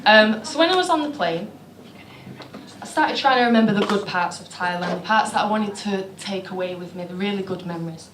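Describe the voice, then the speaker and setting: Deadpan woman comic in an echoey venue. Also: mid-range voice, brisk. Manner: deadpan storytelling with self-mocking asides. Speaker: stand-up comedian. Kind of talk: stand-up comedy. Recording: echoey venue with clear background noise.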